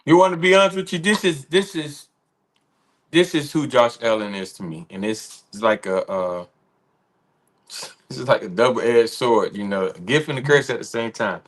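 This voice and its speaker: A man's voice: mid-range voice, lively intonation, measured pace. Assured man co-hosting sports talk. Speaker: co-host. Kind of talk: casual sports chat on a livestream.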